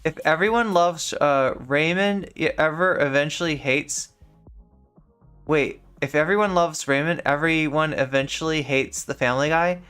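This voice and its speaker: A woman's voice: low voice, moderate pace, a bit bright, clean tone, soft background music. A woman streamer chatting casually while playing a game, rambling and leaning heavily on filler words as she talks. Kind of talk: casual live-stream chat while gaming.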